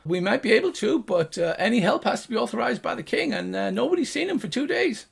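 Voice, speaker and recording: A man's voice: extremely high pitch, sing-song, fast talker, vocal fry, husky, voice pushed up, heavily acted. A man voicing a nervous, bumbling male gnome guard who rambles and stammers with lots of uhs. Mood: flustered. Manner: hesitant, rambling, full of uhs and repeats.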